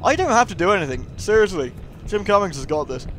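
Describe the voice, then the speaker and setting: A man giving casual, joking commentary while playing a video game, excitable and crude. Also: high voice, fast talker. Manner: jokey, excitable, crude humour. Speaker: let's play host.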